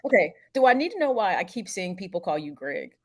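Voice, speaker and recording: Husky-voiced woman sharing sports opinions. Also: lowish voice, sing-song, brisk. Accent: Chicago. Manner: frank and opinionated, teasing. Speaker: sports talk show co-host. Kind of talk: casual sports talk.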